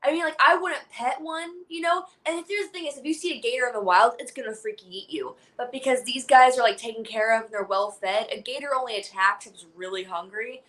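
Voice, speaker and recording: A bubbly woman guest chats on a live stream. Her voice sits high and sounds bright and sharp. She rambles through stories full of fillers. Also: fairly quick, hardly any pauses, rough recording. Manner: bubbly, filler-heavy storytelling. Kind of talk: casual livestream chat.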